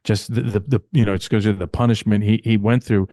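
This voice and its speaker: A man's voice: lowish voice, fairly even intonation, brisk, mellow, no echo, studio quality. A man co-hosting a casual podcast, telling backstage stories animatedly, acting out quotes, swearing and laughing often. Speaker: podcast co-host, former insider.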